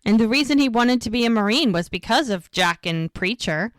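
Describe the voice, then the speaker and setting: A podcast co-host with a slightly high, lively voice talks a little fast, with no room sound. She chattily recaps an episode scene by scene, using plenty of fillers.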